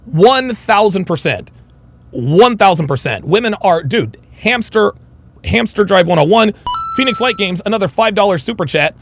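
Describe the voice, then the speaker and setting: A man's voice: high-pitched, animated, normal speed, no echo. A man hosting a livestream, reading super chats and ranting bluntly with heavy swearing. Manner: blunt, combative, swears heavily. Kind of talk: profane livestream rant.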